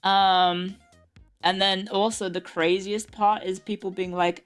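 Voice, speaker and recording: A woman's voice: medium pitch, level tone, slow, clear, resonant tone, faint music behind. A young adult woman streamer chatting casually, swearing and laughing often. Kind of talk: casual live-stream chat. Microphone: desk mic with earbuds.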